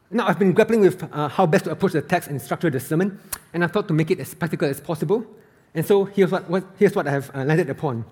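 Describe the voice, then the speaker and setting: Husky-voiced man preaching a sermon. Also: fairly high pitch, quick pace, darkish tone. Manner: earnest, emphatic preaching with scripture readings. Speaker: pastor.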